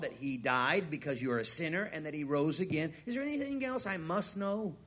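A man with a high voice and a drawl preaches a sermon. He drops to a near whisper, then rises sharply in pitch and volume, repeating phrases and calling on the crowd to agree. His speech comes in short bursts with restarts. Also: expressive, fast, hardly any pauses. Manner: wide swings from hushed to loud, repeats words, asks the crowd. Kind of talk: sermon with a personal story.

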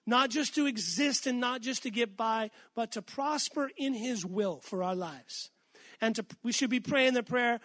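A man's voice: extremely high pitch, measured pace, fairly bright tone, no echo. A man preaching an earnest, emphatic sermon, calling out to the congregation for amens.

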